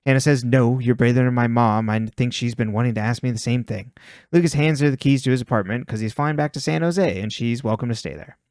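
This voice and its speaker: A man talks through a story recap in a relaxed, conversational way. His voice is smooth and clear, and his tone is wry. The room sounds dry and close. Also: mid-range voice, fast talker, dry recording. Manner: recaps plot in a plain, wry tone and laughs often. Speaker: podcast co-host recapping episodes. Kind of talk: casual chat, reading a plot recap.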